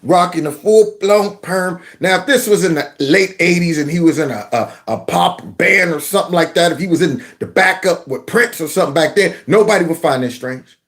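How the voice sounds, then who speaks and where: A man's voice: sits high, moderate pace, few pauses, a bit bright. A man hosting his own commentary channel, mocking a clip with sarcasm and mimicry. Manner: sarcastic, mimics voices, breaks into song.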